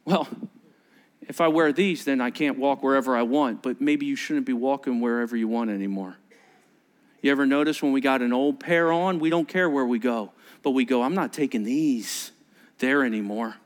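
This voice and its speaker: A middle-aged man preaching a sermon as pastor, telling stories with voiced quotes and dropping to a hushed near-whisper for emphasis. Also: medium pitch, moderate pace. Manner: animated storytelling with voiced quotes and asides.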